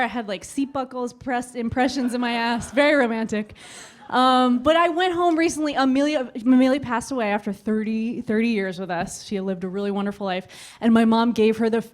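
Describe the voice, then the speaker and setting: This twenty-something woman is doing stand-up in a club, spinning an animated story and slipping into acted-out voices. Her voice is a little high.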